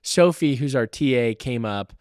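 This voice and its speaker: A man's voice: mid-range voice, lively intonation, normal speed, darkish tone, clean tone, dry recording, studio quality. A young man, a woodworking student, animatedly telling a story in a casual podcast chat and laughing often between sentences.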